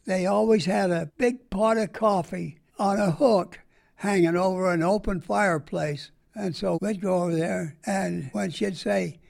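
Old american guy, gravelly and kinda high voice, rambling war stories in a folksy way. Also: fairly even intonation, measured pace, a little mellow. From United States. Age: older. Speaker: war veteran interviewee. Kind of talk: oral history interview.

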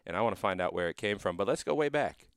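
A man's voice: fairly low pitch, expressive, fast talker, smooth, dry recording. A man from the United States hosting a radio interview show, earnest in manner.

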